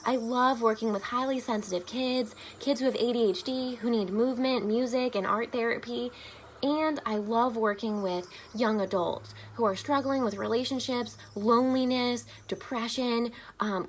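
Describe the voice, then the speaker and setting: A woman's voice: a little high, a little hiss or hum. A woman family therapist, speaking upbeat and informally to parents, with frequent "um" fillers. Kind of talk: informational talk to camera.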